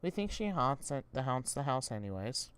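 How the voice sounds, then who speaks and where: A tipsy woman chats on a home game stream in a loose, swearing way. Her voice sits low but swings up and down a lot. The sound is dry and close. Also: very animated, normal speed, clear, resonant tone, dry recording. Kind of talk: casual chat while gaming.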